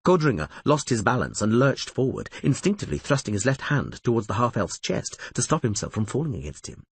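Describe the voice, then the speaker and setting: A man narrating an audiobook in a dramatic, expressive reading style. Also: mid-range voice, a little fast, husky, dry recording.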